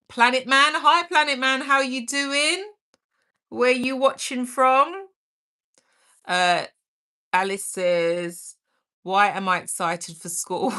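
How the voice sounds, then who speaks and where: A woman's voice: medium pitch, pushed and bright. A middle-aged woman hosting a casual livestream, reading chat aloud, greeting viewers by name and laughing often. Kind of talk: casual live-stream chat.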